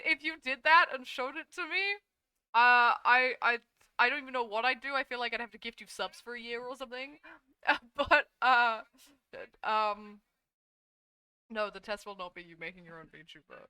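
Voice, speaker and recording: Bright, clear-voiced chatty woman streamer. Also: a little high, no echo. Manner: chatty, sleepy, yawning, swears casually. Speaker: VTuber streamer. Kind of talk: casual live-stream chat while drawing.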